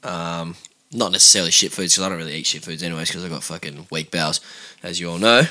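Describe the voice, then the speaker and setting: A man's voice: low voice, fast, bright, forceful tone. A man co-hosting a podcast, swearing and laughing as he banters and acts out his friends' lines. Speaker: podcast co-host.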